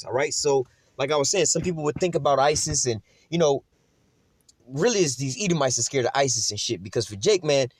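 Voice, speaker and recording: A man preaching informally on scripture and prophecy, talking quickly in a loose, profane, conversational way. His voice sits at an ordinary pitch and sounds dry and close, with no room echo. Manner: profane, conversational, keeps asking "you know?". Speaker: religious teacher.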